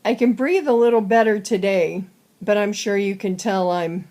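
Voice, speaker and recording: A woman giving a casual personal update to her viewers, short of breath and halting, with many fillers. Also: mid-range voice, a little mellow. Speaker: vlogger.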